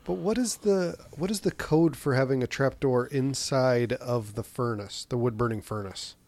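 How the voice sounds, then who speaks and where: A man co-hosting a podcast, retelling film scenes in animated casual chat with quick asides. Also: medium pitch, no room sound. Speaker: podcast co-host. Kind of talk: casual chat about movies.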